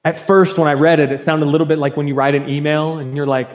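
A man preaching a sermon as pastor, earnest and emphatic, with warm conversational asides. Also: a little high, fairly even intonation, quick pace, in a large hall. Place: church sanctuary.

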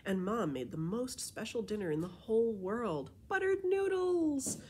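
A woman librarian reading a children's storybook aloud with expressive, animated storytelling. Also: mid-range voice, moderate pace, slight background noise.

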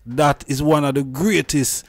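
Male interviewer, slow and halting, fairly high voice, dry sound. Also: fairly even intonation, dry recording. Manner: halting, many "um"s and restarts. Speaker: interviewer, host. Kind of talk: interview questions.

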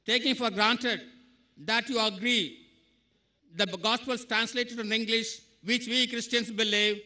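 A man speaking from the audience floor of a lecture hall, with a very high, sharply bright voice. He earnestly sets out his question point by point and quotes passages at length. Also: fairly even intonation, measured pace. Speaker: audience member asking a question. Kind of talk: formal question quoting scripture at length.

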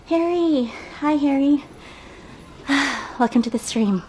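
A slightly high-voiced woman chats her way up outdoor stairs, out of breath and talking through a face mask. She greets viewers by name in a chatty, self-deprecating way. Clear outdoor noise runs under her voice. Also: takes it slowly, a little mellow. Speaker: travel livestreamer. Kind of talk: casual livestream chat, reading chat aloud. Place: outdoors, climbing stairs at a shrine. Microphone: wearing a face mask while talking. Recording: outdoor livestream with background noise.

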